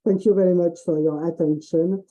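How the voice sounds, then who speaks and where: A man with a French accent giving an expert presentation in English, halting with many fillers and restarts. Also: on the high side, steady tone, warm tone, poor audio. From France. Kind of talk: online presentation and Q&A.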